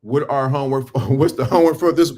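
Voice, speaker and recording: A middle-aged livestream host with a medium-pitched, darkish voice talks fast with fairly even intonation, recorded on a phone or camera on a stand. His casual motivational talk is preachy and emphatic, breaking off and restarting as he dresses.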